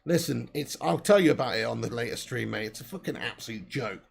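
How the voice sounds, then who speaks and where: A man's voice: medium pitch, lively intonation, fast, gravelly, husky. A man hosting a casual live stream, bantering, laughing and reading out viewers' names. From England. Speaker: host of a fan channel live stream.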